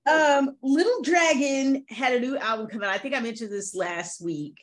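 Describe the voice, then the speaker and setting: A woman's voice: sits high, moderate pace. Blunt, candid woman podcast co-host. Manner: candid and blunt, swears freely. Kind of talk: casual chat.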